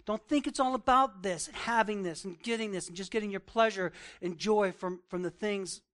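A man delivers a sermon in a fairly high voice. He reads passages aloud, then talks them through in a loose, conversational way, often checking in with his listeners. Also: moderate pace, a bit bright. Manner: conversational preaching with direct questions to the congregation. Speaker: pastor.

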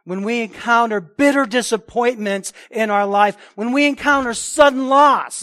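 A man preaching a sermon, emphatic, repeating key phrases and swinging between loud and hushed delivery. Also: very high voice, moderate pace, hardly any pauses, no room sound, clean studio sound. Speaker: pastor.

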